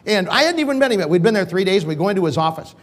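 Older preacher telling a personal story. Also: male voice, sits high, lively intonation, very fast. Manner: emotional, rambling with restarts. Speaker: pastor. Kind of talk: storytelling sermon.

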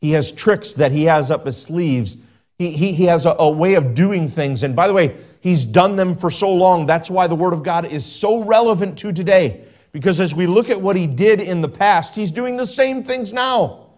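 Man, pastor, sermon, emphatic, sweeping pitch, repeats key phrases. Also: normal speed, a little mellow.

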